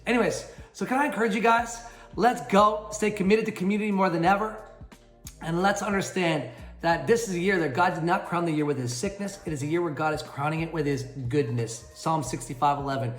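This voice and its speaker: Energetic preacher man, roomy sound. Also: a little high. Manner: energetic, punchy preacher with rhyming catchphrases. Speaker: pastor. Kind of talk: midweek devotional message. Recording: roomy sound with faint music underneath.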